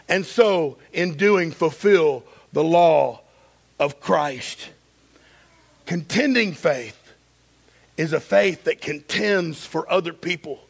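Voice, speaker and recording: A male pastor preaching an impassioned sermon that swings between loud emphasis and hushed stretches. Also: high voice, creaky.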